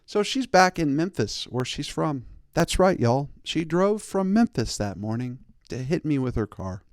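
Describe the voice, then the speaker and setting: A podcast host delivers a casual comedic storytelling monologue, chatty and sarcastic, acting out every character in the story. His voice is a little high and sing-song at a measured pace. The recording is dry and cleanly made in a studio.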